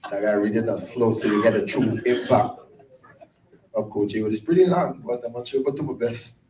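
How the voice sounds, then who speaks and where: A man's voice: medium pitch, a little fast, a little mellow. A middle-aged man with a Virgin Islands accent, the emcee of a tribute event, speaking casually and from the heart in dialect grammar. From Saint Croix, U.S. Virgin Islands. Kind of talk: unscripted tribute speech. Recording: echoey room from far off.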